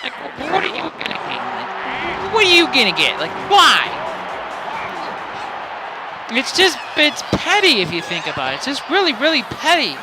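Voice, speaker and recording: A man's voice: very high-pitched, huge pitch swings, moderate pace, pauses often, a crowd in the background, noisy background. A man narrating his gameplay in a rambling, stuttering way, firing off exasperated rhetorical questions into a close mic he keeps bumping. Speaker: let's play host. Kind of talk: gameplay commentary. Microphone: close desk mic he keeps bumping.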